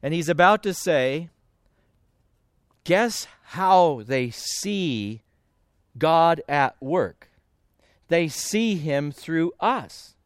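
A man preaching a sermon as pastor, earnest, swinging between emphatic rises and hushed low passages. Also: expressive, drawn-out words, long pauses, smooth, no room sound, studio quality.

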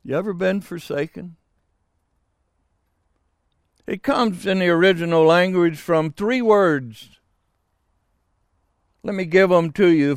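An older man preaching a sermon, slow and emphatic with dramatic pauses. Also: sits high, dry recording, studio quality.

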